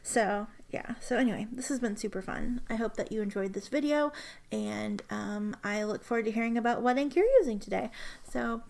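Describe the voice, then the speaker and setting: A young woman with a fairly high voice chats casually about her desk hobby, rambling along with plenty of fillers and restarts. She sounds close to a camera mic in a quiet room at home. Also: normal speed, vocal fry. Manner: chatty, rambling, lots of fillers. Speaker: ink vlogger. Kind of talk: casual chat.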